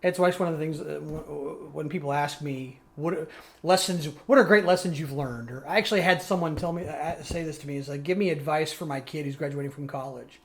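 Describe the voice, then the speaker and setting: Podcast guy, kinda high voice, rambly, lots of restarts and ums. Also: a little fast, creaky. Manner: rambling storyteller, many restarts and fillers. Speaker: podcast co-host. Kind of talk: casual chat.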